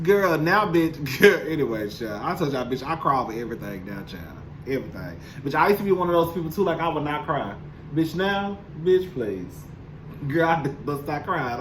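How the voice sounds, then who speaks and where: Sassy, bright-voiced young man recapping gossip. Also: a little high, a little hiss or hum, rough recording. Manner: sassy, blunt, profane, talks straight to the viewer. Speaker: show recap commentator. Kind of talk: casual reality-TV recap monologue. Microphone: camera mic, speaking to camera.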